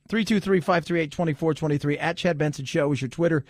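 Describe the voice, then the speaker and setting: A man's voice: a little high, fast, no room sound, studio quality. A middle-aged man hosting a radio talk show, chatting casually with joking, sarcastic asides. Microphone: studio microphone.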